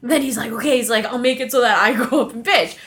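Woman in her 30s, kinda high bright voice, giggly, chatting on a podcast. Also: fast. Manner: laughs often, acts out quoted people. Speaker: podcast co-host. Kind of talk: casual chat.

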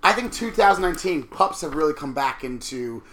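A man with a fairly high, bright voice talks fast in casual conversation. He tells stories with animated energy and slips into quoted asides. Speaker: podcast co-host. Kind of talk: casual chat.

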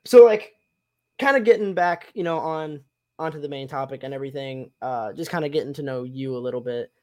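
A man's voice: mid-range voice, fast. A young man hosting a casual chat, rambling and upbeat with many fillers. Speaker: podcast host and cosplayer.

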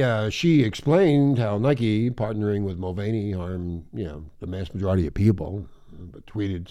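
Gravelly man ranting on shock radio. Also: fairly low pitch, darkish tone, dry recording, studio quality. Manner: crude, rambling and mocking, with frequent profanity. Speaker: talk radio host.

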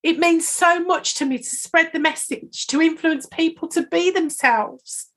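A woman's voice: extremely high pitch, unhurried, fairly bright tone. Chatty woman, emotional and rambling. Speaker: podcast co-host. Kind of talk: casual chat.

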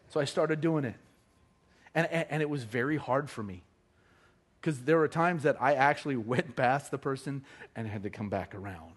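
A middle-aged male pastor preaching a sermon, telling stories with quick, self-deprecating humor and lively asides. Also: medium pitch. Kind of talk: sermon with storytelling.

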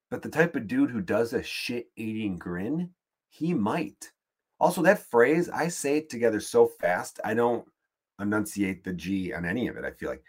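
On his own podcast, a man with a slightly rough, mid-range voice delivers a loose, rambling comedic monologue, cursing without restraint.

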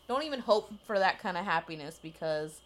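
A woman's voice: lowish voice, lively intonation, brisk. A woman co-hosting a casual movie chat, explaining the plot in a wry, sardonic way with casual swearing. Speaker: podcast co-host.

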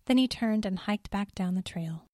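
Calm woman narrating a story. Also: medium pitch, moderate pace. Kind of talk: scripted narration.

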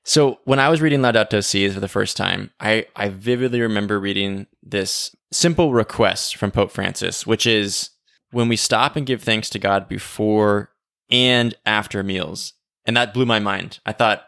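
A man's voice: lowish voice, normal speed, gravelly, fairly bright tone, no echo, studio quality. A man co-hosting a podcast in a casual conversational way, often asking "right?" and trailing into "like". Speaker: podcast co-host. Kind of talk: casual faith discussion.

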